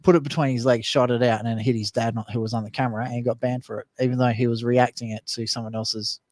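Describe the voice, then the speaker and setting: A man co-hosting a casual talk show, chatty and quick to tell a story. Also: medium pitch, level tone, darkish tone, dry recording. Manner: chatty, storytelling, laughs easily. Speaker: co-host. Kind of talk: casual banter.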